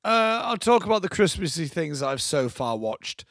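A man's voice: a little high, big pitch swings, normal speed, fairly bright tone, dry recording, clean studio sound. A young man, co-hosting a podcast and chatting animatedly with lots of fillers. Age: young adult. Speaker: podcast co-host. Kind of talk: casual chat.

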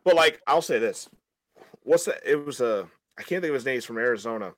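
A man hosting a casual podcast chat, rambling through an animated, opinionated rant with many restarts. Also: mid-range voice, fairly quick, no room sound. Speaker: podcast host.

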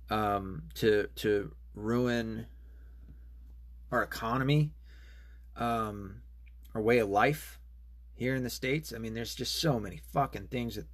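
A man with a low, husky voice rants on his own show, swearing often and rambling through fillers and false starts. His anger runs through the talk. The sound is dry and close, with no room around it. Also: no echo. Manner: profane, rambling, angry, with many fillers and restarts. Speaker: podcast host. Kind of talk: solo political rant.

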